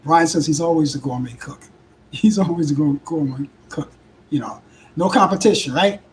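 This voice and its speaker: A hoarse older man with a Brooklyn accent, hosting a live talk show in rambling casual chat with halting restarts. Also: on the high side, slight background noise, low-quality recording. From Brooklyn, New York. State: hoarse, voice worn out. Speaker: host.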